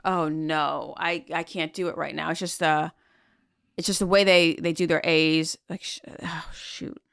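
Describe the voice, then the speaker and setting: A woman with a General American accent talks through ideas in a casual podcast chat, explaining as if giving a small lecture. Her voice sits a little low and comes across smooth and resonant. The recording is close and dry. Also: steady tone, a little slow, fairly bright tone, no room sound. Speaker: podcast co-host.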